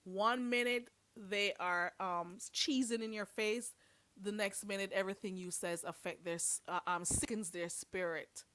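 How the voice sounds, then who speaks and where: A woman's voice: mid-range voice, fairly even intonation, measured pace, a bit bright. Blunt, sassy woman streaming commentary. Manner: blunt, sassy, preachy, calls listeners "girl". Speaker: livestream host. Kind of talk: livestream commentary.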